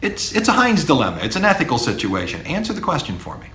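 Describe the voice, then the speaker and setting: A man's voice: fairly high pitch, wildly swooping pitch, quick pace, bright, forceful tone. A middle-aged man, a university professor, giving an emphatic podcast monologue to students, now and then mimicking their imagined replies. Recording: echoey room with faint ambience.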